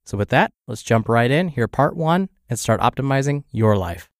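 A man with a medium-pitched voice reads a health article in a steady, scripted delivery. He sounds a bit stuffed up from a cold. The recording is dry and close, with no room sound. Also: moderate pace, no echo. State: stuffed up from the flu. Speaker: podcast host reading health articles. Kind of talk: scripted reading of a health blog.

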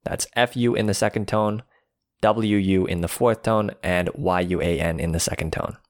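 A man's voice: low voice, fairly even intonation, moderate pace, dry recording, clean studio sound. A man co-hosting a language lesson, explaining vocabulary plainly and spelling each word out.

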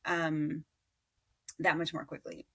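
A woman's voice: deep voice, level tone, takes it slowly, slightly rough. A mother speaking as a podcast guest, thoughtful and a little hesitant, with fillers. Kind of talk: conversational interview.

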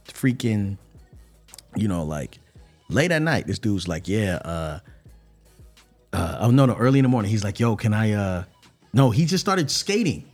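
A man's voice: on the low side, moderate pace, pauses often, soft background music. A man in his thirties co-hosting a casual podcast chat, telling stories animatedly in slangy speech and acting out what people said. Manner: animated storyteller, slangy, acts out quotes. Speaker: podcast co-host.

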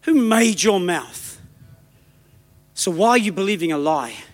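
A man preaching a sermon, emphatic and exhorting, pressing his listeners in quick bursts. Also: high-pitched, sing-song, in a large hall.

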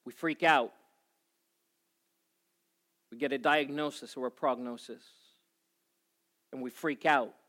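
A man in his forties preaching a sermon to a congregation, telling a personal story with animated swings in energy. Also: medium pitch, takes it slowly, long pauses. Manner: animated storytelling, acting out his own panic. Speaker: pastor.

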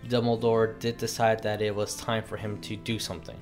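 A man narrating as game master, recapping a tabletop game session in a slow, halting way with many pauses. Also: on the low side, level tone, darkish tone, faint music behind.

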